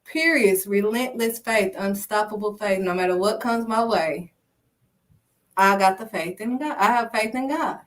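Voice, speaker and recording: A woman's voice: mid-range voice, a little slow, recorded from a distance. A woman giving a casual preaching talk about faith. She speaks emphatically, punctuates her points with "period" and calls listeners honey and sweetheart.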